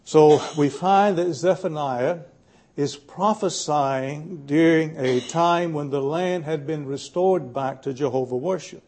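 A man preaching a Bible study sermon in a plainspoken, folksy way, pausing often to gather his thoughts. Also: a little high, a little mellow. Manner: folksy, plainspoken with frequent "uh" pauses.

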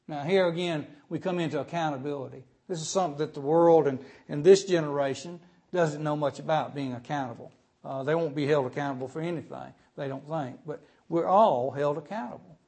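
A man with a fairly high voice preaches a sermon. His delivery is earnest, with frequent "uh" fillers and repeated words. When he reads scripture, he slows down and stresses the words. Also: vocal fry, a little mellow, slightly rough. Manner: reads scripture aloud slowly and with emphasis. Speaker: pastor.

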